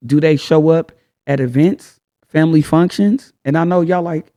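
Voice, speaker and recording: A man's voice: fairly high pitch, fairly even intonation, moderate pace, mellow. A man hosting a casual advice talk, speaking frankly in slang and firing off rhetorical questions. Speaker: host.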